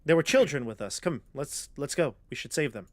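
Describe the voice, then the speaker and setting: A man's voice: on the high side, lively intonation, brisk, no echo. An anxious freed prisoner woman, as a man plays her. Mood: worried.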